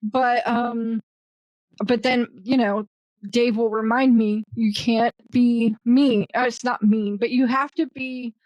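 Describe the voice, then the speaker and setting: Woman guest, blunt and self-deprecating, higher voice, dry close sound. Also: steady tone, a little slow, no echo, highs cut off. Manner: rambling with fillers and restarts. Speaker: guest, virtual assistant. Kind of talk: casual interview conversation.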